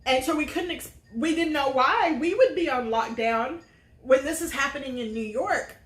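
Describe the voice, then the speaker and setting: This vlog host, a middle-aged woman, has a high-pitched, fairly bright voice at normal speed. She tells a personal tale sincerely and casually, peppered with fillers, against roomy echo.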